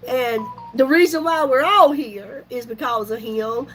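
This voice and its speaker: In a low-quality recording with soft background music, a YouTube vlogger in her fifties speaks in a high, unhurried voice. She shares a folksy story with her viewers, chatty and animated, laughing as she retells it.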